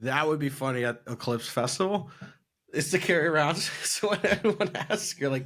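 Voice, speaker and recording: A man co-hosting a podcast, chatting in a relaxed, joking way and laughing often. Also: on the high side, moderate pace. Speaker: podcast co-host. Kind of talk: casual chat.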